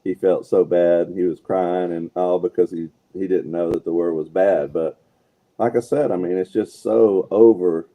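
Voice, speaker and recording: A man's voice: sits low, steady tone, moderate pace, mellow. A man co-hosting a casual talk show, agreeing often and sharing his own parenting story. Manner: agreeable, frequent backchannel affirmations. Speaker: co-host. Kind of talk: casual chat.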